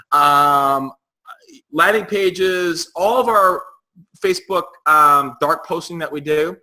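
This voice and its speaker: A man's voice: on the high side, pushed and bright, rough recording. A man talking frankly as a guest in a casual interview, often stumbling and repeating words as he goes. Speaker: real estate agent, guest.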